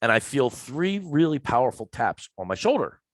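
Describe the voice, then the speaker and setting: A man, a podcast guest telling a story in a lively, emphatic way and acting out the lines of the people in it. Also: mid-range voice, moderate pace. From Philadelphia, USA. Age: 50s. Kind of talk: casual storytelling.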